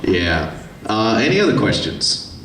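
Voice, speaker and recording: A voice actor, appearing as a guest on a convention panel, answers audience questions with irreverent, joking stories told casually. His voice is on the low side, sing-song and a little slow. The recording comes from far off in an echoey convention hall, with a crowd audible.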